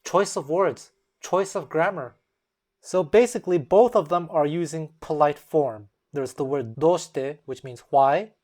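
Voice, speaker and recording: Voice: medium pitch, a little slow, a little mellow. A language-lesson host explaining step by step in a casual way and acting out example phrases in shifting tones.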